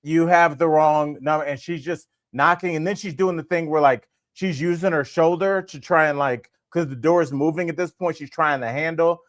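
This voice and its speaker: Speaking at normal speed with hardly any pauses, a fairly high-voiced man in his 40s rambles through a story on the comedy podcast he co-hosts, filling it with fillers and animation. The sound is dry and clean studio audio.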